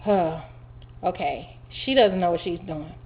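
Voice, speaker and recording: A woman casually recounting her surgery day to the camera, chatty and animated, with lots of fillers. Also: lowish voice, unhurried, a little hiss or hum. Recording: dull lo-fi home video audio.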